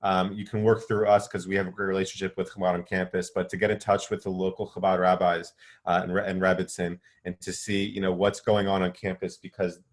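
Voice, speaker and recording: A man's voice: low-pitched, little pitch movement, brisk. A man hosting a webinar, thanking his guests in an earnest, hesitant way with many fillers. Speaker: webinar host. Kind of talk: moderating a webinar.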